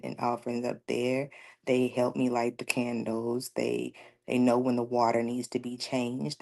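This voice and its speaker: A woman with a very low, gravelly voice talks on a radio show. She tells her stories earnestly and breaks into laughter now and then. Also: a little mellow. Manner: earnest, storytelling, laughs often. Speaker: guest speaker. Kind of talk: casual talk radio conversation.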